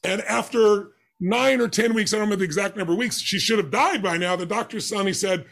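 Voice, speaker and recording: High-voiced man telling a story. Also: quick pace, creaky, a bit bright. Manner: acts out dialogue with emphatic voices. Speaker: interview guest. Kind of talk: animated personal storytelling.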